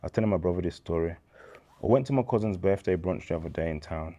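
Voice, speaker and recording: A man in his thirties with a Birmingham accent, a guest telling lively, slang-filled stories in a casual interview. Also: low voice, quick pace. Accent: Birmingham English. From England. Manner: animated storyteller, slang-heavy, acts out quoted dialogue.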